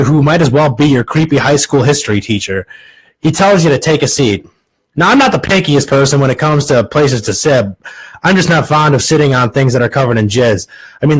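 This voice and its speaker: A man's voice: medium pitch, slightly rough, low-quality recording. A young man hosting a podcast, doing a crude, sarcastic comic monologue and restarting lines now and then. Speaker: podcast host.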